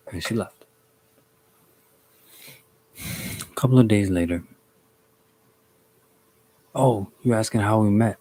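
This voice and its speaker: A young man telling a personal story to his live stream chat, halting and restarting often, with blunt casual swearing. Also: sits low, a little mellow. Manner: halting, with many restarts and fillers.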